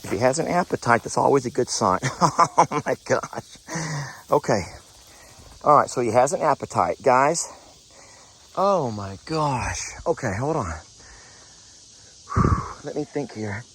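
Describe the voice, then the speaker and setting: A man's voice: medium pitch, lively intonation, normal speed, pauses often, a bit bright, a little hiss or hum. A man, talking on an emotional farm vlog, cooing tenderly at an injured animal and choking up as he talks to viewers outdoors at night. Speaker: goat farmer vlogger.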